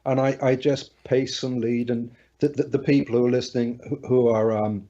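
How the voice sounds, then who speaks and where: A man's voice: medium pitch, fairly even intonation, moderate pace, mellow. A man, a hypnotist interviewing a guest over a video call, who talks with many restarts and coaxing tag questions. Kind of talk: casual interview chat. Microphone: video call over Skype. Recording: dull video call audio.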